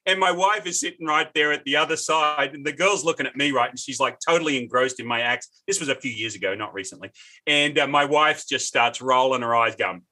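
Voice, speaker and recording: A man in his fifties with an Australian accent, a podcast guest telling lively, earnest stories in casual conversation. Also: medium pitch, brisk. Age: 50s. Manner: lively, earnest, folksy anecdotes. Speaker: guest, business owner.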